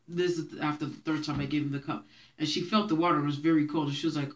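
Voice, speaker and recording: A woman's voice: low-pitched, quick pace. A young woman who grew up speaking Haitian Creole, telling childhood stories to her viewers in a chatty way and laughing often. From Haitian family, raised in Brooklyn. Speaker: vlogger. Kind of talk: casual storytelling to camera.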